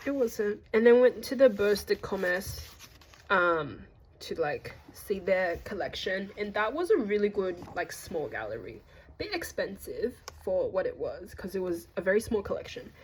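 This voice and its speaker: A woman's voice: mid-range voice, very animated, moderate pace, slight background noise, rough recording. A young woman from Australia narrating a casual travel vlog, chatty and jokey, talking straight to her viewers. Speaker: vlogger.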